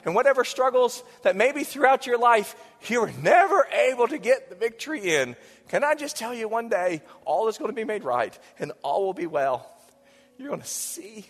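High-voiced preaching man in a reverberant hall. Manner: swings between loud preaching and hushed whispers. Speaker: pastor. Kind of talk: sermon. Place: church sanctuary. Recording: church hall reverb with soft music.

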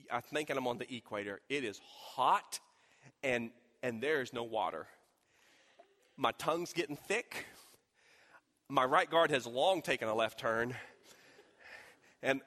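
A man preaching a sermon as pastor, telling a story emphatically and swinging from loud to hushed. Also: on the high side. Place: church sanctuary. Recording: long reverb of a large hall.

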